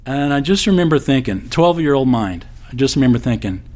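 A man's voice: medium pitch, animated, fairly quick, darkish tone. A man preaching a sermon as pastor, conversational and folksy, slipping in corny jokes.

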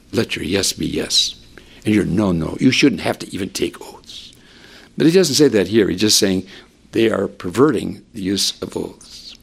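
Low gravelly man preaching a sermon. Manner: animated preaching, rising for emphasis, dropping to a hush; repeats words when restarting.

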